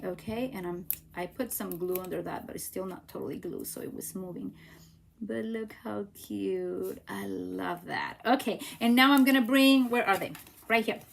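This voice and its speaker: A woman's voice: mid-range voice, a little fast, creaky, a little hiss or hum. A woman with a Puerto Rican Spanish accent whose first language is Spanish, leading a live card-making tutorial in a chatty, upbeat way, thinking aloud as she works. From Puerto Rico. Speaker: craft demonstrator.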